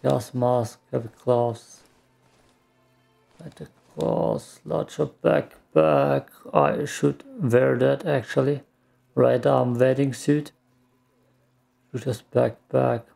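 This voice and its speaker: A man's voice: mid-range voice, steady tone, takes it slowly, gravelly, pauses often, dark tone, soft background music. A man mutters casual gameplay commentary to himself while he plays, with some mild swearing. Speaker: gaming streamer.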